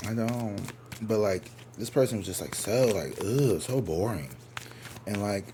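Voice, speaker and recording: A man's voice: on the low side, a little slow, long pauses, darkish tone, slight background noise. A man giving a casual tarot reading at home, talking in a candid, profane, rambling way and breaking into exaggerated mocking voices when he quotes people. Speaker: tarot reader. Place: his own living room.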